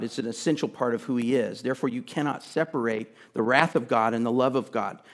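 A male pastor preaching a sermon in a conversational way, with casual asides and emphatic repetition. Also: medium pitch.

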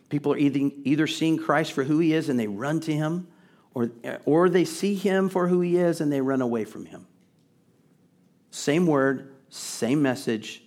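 A middle-aged male pastor delivers a sermon with a somewhat high voice. He talks to the congregation conversationally, then climbs in pitch and force as he piles up emphatic questions. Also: darkish tone. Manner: conversational preaching, acts out quoted voices, rising emphasis.

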